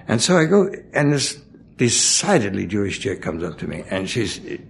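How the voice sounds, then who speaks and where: An older man with a gravelly voice, a guest actor telling rambling showbiz stories in a casual interview and acting out the quotes. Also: fairly low pitch, sing-song, moderate pace. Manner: rambling storyteller, acts out quotes.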